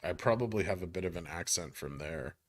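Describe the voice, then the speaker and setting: Laid-back low-voiced man streaming. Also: expressive, fairly quick. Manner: offhand, reads chat questions aloud, swears casually. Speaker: stock market streamer. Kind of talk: casual livestream chat.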